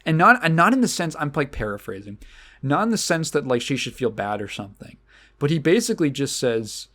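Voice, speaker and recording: A man's voice: a little high, sing-song, brisk, sharp tone. A man co-hosting a podcast, rambling through a casual film discussion with lots of restarts and the odd swear word. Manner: rambling, many restarts and fillers. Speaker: podcast co-host.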